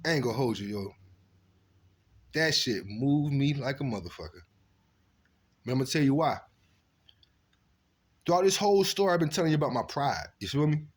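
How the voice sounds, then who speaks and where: A man casually telling stories from his past, animated and profane, acting out what people said. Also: mid-range voice, moderate pace, long pauses, slightly rough. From Virginia. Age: adult. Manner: animated, profane street storytelling with acted-out quotes. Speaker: storyteller recounting his past. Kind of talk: casual storytelling monologue.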